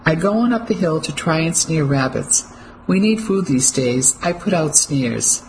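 A narrator voicing a quick-witted Englishman who pleads with a soldier while playing innocent. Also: medium pitch, expressive, a little hiss or hum, poor audio. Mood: pleading.

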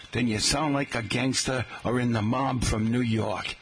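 A man's voice: mid-range voice, fairly even intonation, normal speed, husky. A middle-aged man with a Boston accent, hosting a live local radio show in a chatty, folksy way and calling his listeners folks. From Massachusetts. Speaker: radio host. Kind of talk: live radio talk segment. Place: radio studio in a restaurant.

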